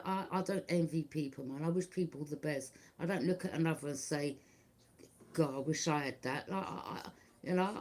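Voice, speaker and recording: A woman's voice: sits low, a little mellow. A middle-aged woman, talking bluntly and repetitively to her viewers as a tarot reader. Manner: blunt, repetitive, keeps asking "do you understand". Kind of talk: casual monologue to viewers.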